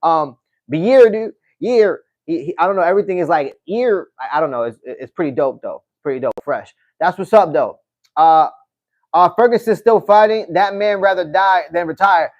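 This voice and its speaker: A man's voice: high-pitched, moderate pace, no echo, highs cut off. A man, hosting a live stream and chatting casually with viewers in a laid-back, slangy way. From New York City. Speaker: livestream host. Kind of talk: casual live-stream chat reading comments.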